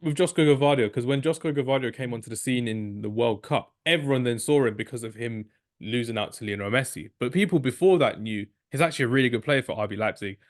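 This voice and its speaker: A man co-hosting a football podcast, chatting casually and cracking jokes. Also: mid-range voice. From England. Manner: jokey, chatty, rapid asides. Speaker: podcast co-host.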